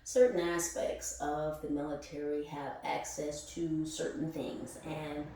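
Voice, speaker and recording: A woman's voice: low voice, little pitch movement, a little slow, warm tone, heavy reverb, rough recording. A woman giving a casual spiritual reading, exuberant and profane, laughing often as she talks. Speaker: spiritual reader.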